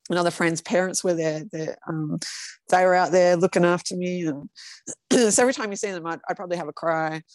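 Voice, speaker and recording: A woman, an ultra runner, telling candid stories in a casual interview with halting restarts. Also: on the low side, dry recording.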